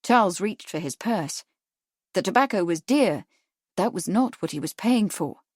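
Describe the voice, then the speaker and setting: A woman narrating a mystery audiobook in a calm, measured reading. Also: medium pitch, dry recording, clean studio sound. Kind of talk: scripted narration.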